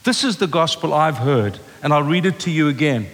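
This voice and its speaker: A man preaching a passionate sermon, moving from forceful declarations to a hushed, intimate telling of a story. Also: fairly high pitch, animated, brisk, few pauses. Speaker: pastor. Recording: long reverb of a large hall.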